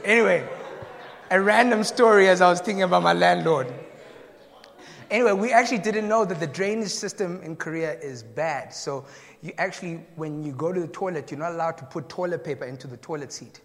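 A man's voice: high voice, fairly quick, vocal fry, a bit bright. A man from South Africa preaching a sermon, telling anecdotes with laughter and questioning the congregation. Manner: storytelling, laughs at own jokes, asks the congregation questions. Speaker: pastor. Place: church hall. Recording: long hall reverb.

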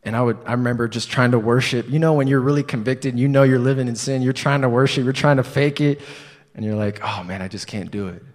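A man's voice: medium pitch, steady tone, quick pace, a little mellow. A man preaching a sermon in a church building, telling a personal story in a conversational, self-deprecating way, with rhetorical questions and hesitant restarts. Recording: long hall reverb.

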